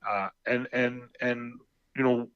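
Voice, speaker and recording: A man, a treatment center executive guest on a radio talk show, speaking in a lively, teasing way and often repeating words as he goes. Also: mid-range voice, slow pace, smooth, no room sound. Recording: slightly muffled lo-fi sound.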